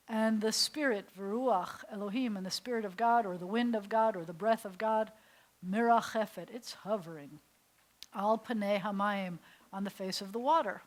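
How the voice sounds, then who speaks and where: A woman's voice: medium pitch, measured pace. A woman rabbi teaching a beginners' class, who explains things playfully and leads the group in repeat-after-me drills. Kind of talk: classroom lesson. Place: synagogue classroom.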